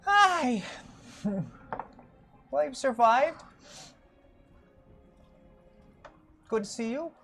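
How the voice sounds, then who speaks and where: A frail, kindly old rabbit-folk priest, voiced by a man for a tabletop game, sits high and thin in the voice. He quavers, clears his throat and drifts off into hums, sweet but half asleep. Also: very animated, takes it slowly, bright, forceful tone, exaggerated voice. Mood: cheery. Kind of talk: tabletop role-play character voice.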